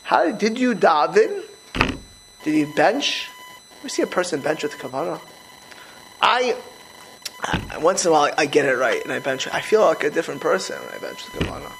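A middle-aged man talking in a casual conversation, animated and emphatic, often restarting his sentences. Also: high-pitched, normal speed, vocal fry, pauses often, slight background noise, low-quality recording.

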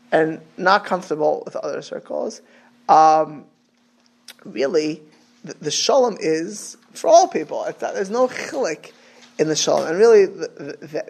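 A man's voice: fairly high pitch, gravelly, a little mellow, slightly rough. A man giving an informal Torah class, chatty and repetitive, dropping in Hebrew and Yiddish terms.

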